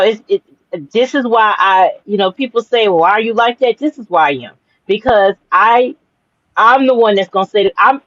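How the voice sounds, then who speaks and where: A woman's voice: fairly high pitch, no room sound. A woman co-hosting a podcast who talks in a blunt, emphatic way. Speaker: podcast co-host. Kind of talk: casual podcast talk. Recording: dull, dry sound.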